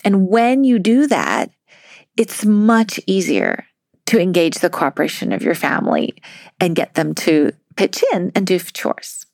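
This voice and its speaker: A woman's voice: fairly low pitch, unhurried, a little mellow, dry recording, clean studio sound. A woman life coach giving upbeat, chatty advice on a solo podcast, laughing often as she talks.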